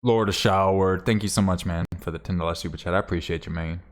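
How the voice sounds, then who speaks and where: A man's voice: low-pitched, steady tone, quick pace. A man chatting casually on a livestream while he plays, rambling, swearing now and then and thanking viewers. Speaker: game streamer.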